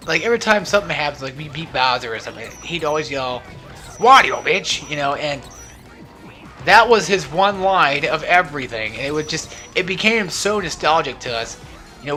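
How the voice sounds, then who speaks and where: A young man rambles through casual gaming commentary at home, joking and laughing as he wanders off topic. His voice is bright and a little tense, and his pitch jumps around a lot. Faint game music plays behind him. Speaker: let's play host. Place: at home, not alone.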